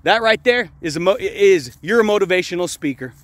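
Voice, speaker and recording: A man's voice: sits high, expressive, a little fast. A man giving a casual, hyped motivational monologue while walking outdoors, peppering his talk with slang like "dude" and "baby". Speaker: motivational speaker.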